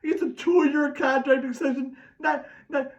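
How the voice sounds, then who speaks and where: Man, middle-aged, fan-rant host: very high voice, animated, third person, distant dull recording. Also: unhurried. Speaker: podcast host ranting as a sports fan. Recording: distant mic, dull lo-fi sound.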